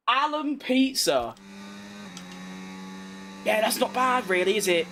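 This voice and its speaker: A young man with a British accent, chatting casually as he streams a racing game, reacting fast and poking fun at himself. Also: very high-pitched, very animated, sharp tone, slight background noise. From United Kingdom. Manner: chatty, quick reactions to the race, self-mocking. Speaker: gaming streamer. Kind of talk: live gameplay commentary while reading chat.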